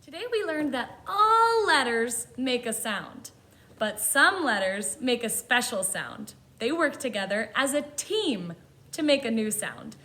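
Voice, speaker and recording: Kindergarten teacher, woman, high and bouncy, unhurried and clear sounding-out, echoey room. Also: pushed and bright. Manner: slow, clear sounding-out, with exaggerated letter sounds. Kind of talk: phonics lesson for young children. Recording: roomy echo.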